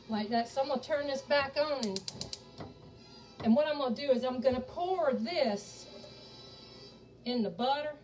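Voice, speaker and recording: A Southern-accented woman from Charleston, South Carolina, hosts a live cooking demonstration in her home kitchen, chatting folksily with viewers as she cooks. Her voice is a little high with a dark tone, and she's far from the mic on a low-quality recording, a bit off-mic with faint music behind.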